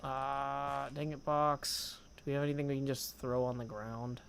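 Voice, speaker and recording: A man's voice: medium pitch, little pitch movement, moderate pace, vocal fry, a bit bright, a little hiss or hum. A man chatting casually on a gaming livestream at his desk mic, rambling, reading chat aloud and humming to himself. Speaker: streamer.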